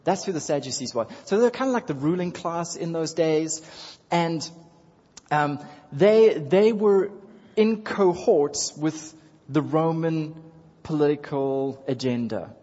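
Warm in tone and a little high, a pastor's voice stays animated and measured as he preaches conversationally to his congregation, repeating phrases, chuckling, and addressing listeners directly. The church sanctuary recording is dull, trailed by long hall reverb.

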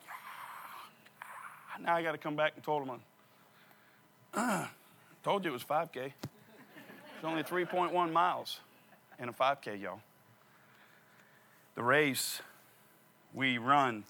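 Bright-voiced man telling a comic sermon story. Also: medium pitch, slight background noise. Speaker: preacher.

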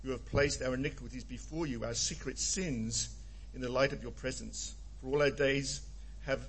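Halting older man reading scripture. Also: medium pitch, steady tone, a bit bright, a little hiss or hum, low-quality recording. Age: 70s. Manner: halting, apologetic. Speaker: scripture reader.

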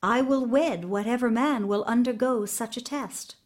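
A woman voicing a proud, sharp princess. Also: fairly high pitch, normal speed, close to an everyday voice. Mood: commanding. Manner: firm and commanding.

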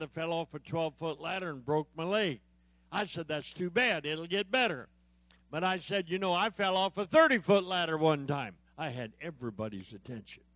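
A man with a fairly high voice preaches as a guest at a church service, mixing jokes and stories into his sermon. He acts out each exchange in his anecdotes and keeps asking the congregation to answer back. The sound is close and dry, with little room echo. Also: a bit bright. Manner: joke-telling storyteller, acts out dialogue; calls out to the audience for responses. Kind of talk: humorous sermon.

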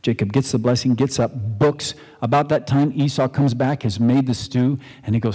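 A man's voice: mid-range voice, normal speed, hardly any pauses, mellow, breathy edge. Man preaching casually in a reverberant hall. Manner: conversational storytelling, acts out quotes. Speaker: pastor. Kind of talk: sermon. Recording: long reverb in a large hall.

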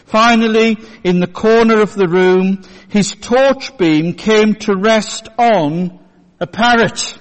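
Man preaching, high voice, slow measured storytelling, echoey church. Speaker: pastor. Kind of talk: sermon. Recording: long church reverb.

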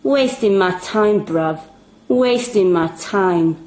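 A woman's voice: on the high side, a little fast, a little mellow, echoey room, natural voice. A young woman with a London accent voicing a sassy nine-year-old Peckham girl who is stroppy and mutters, for a storybook reading. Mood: muttering.

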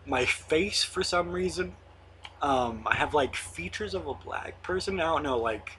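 A man's voice: fairly high pitch, animated, measured pace, noisy background. A young man in his late teens hosting his own online show, rambling casually with lots of fillers and the odd swear word. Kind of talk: casual monologue to camera.

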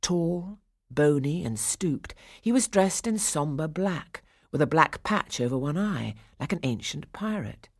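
A woman narrating a classic storybook with a low, deep voice. Her telling is expressive and measured, with a lively, rising and falling melody. The sound is dry and close to the mic. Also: no room sound.

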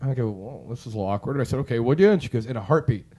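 A man's voice: medium pitch, very fast, husky. A man telling a long story in casual chat, rambling and profane, acting out what people said. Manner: rambling, profane, animated, acts out quotes. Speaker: podcast co-host telling a story.

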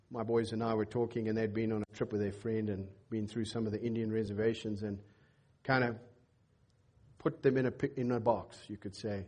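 A middle-aged man preaching in a church, a pastor telling a story in a sermon and acting out the dialogue with a lifted voice. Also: slightly rough. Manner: animated storyteller, acts out dialogue with lifted pitch.

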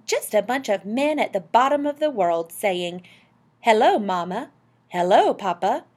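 A woman's voice: mid-range voice, expressive, unhurried, a little mellow, breathy edge. A woman voicing a prim, fussy housewife. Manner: scolding, prim. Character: practical fussy housewife, middle-aged woman.

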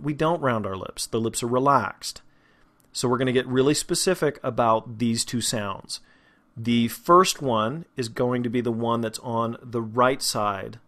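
A man teaching a podcast lesson on vowel sounds, explaining patiently and sounding out each vowel slowly and clearly. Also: medium pitch, fairly bright tone. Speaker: voice and speech teacher.

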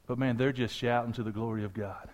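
A man preaching a sermon as pastor, animated and conversational, talking straight to his congregation with asides and jokes. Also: medium pitch, fast.

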